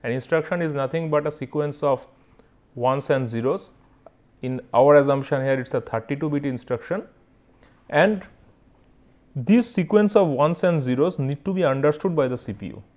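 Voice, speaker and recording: A man's voice: a little high, normal speed, lo-fi sound. A man with an Indian English accent giving a recorded university lecture, explaining step by step and often checking in with "right". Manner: explanatory, with frequent "right" and restarts.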